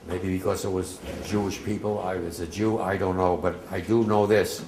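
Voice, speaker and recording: A man's voice: deep voice, flat delivery, moderate pace, a little mellow, slight background noise. A man, a war veteran giving emotional, vivid personal testimony to a class. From New Jersey, USA. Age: 80s. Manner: vivid, emotional storytelling with emphatic outbursts. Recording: echoey room.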